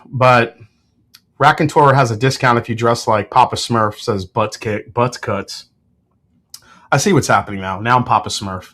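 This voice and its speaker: Man, livestream host, casual chat, relaxed, rambling, fillers and self-corrections, mid-pitched voice. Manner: relaxed and rambling, reading viewer comments aloud. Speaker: whiskey reviewer and channel host.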